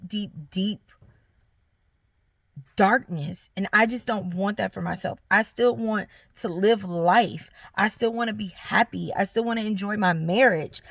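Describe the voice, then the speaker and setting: A woman's voice: medium pitch, vocal fry, fairly bright tone, no echo. A young woman, giving an earnest, encouraging faith testimony straight to her viewers. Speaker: vlogger sharing her story. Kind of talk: heartfelt faith testimony to camera.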